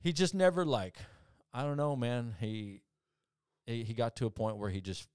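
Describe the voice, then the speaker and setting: A man's voice: mid-range voice, moderate pace, darkish tone, clean tone, no room sound, clean studio sound. A man, a podcast guest, telling rambling stories in casual talk, swearing often and acting out the people he quotes. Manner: profane, rambling, with restarts; acts out quoted people with big jumps in voice. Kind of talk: casual storytelling.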